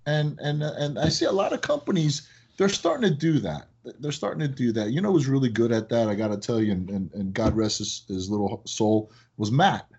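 A man who owns a business, chatting in a casual podcast and telling animated stories that act out his phone calls. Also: mid-range voice, a little fast, creaky, slightly rough, muffled recording. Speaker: business owner, guest.

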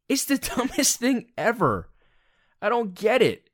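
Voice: medium pitch, wildly swooping pitch, unhurried. Blunt, exasperated ranting commentator. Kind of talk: opinion rant monologue.

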